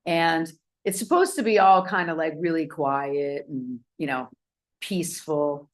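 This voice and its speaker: Woman telling a lively personal story. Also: low voice, a little slow. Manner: animated, acts out voices in anecdotes. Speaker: speaker. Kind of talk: storytelling talk to an audience.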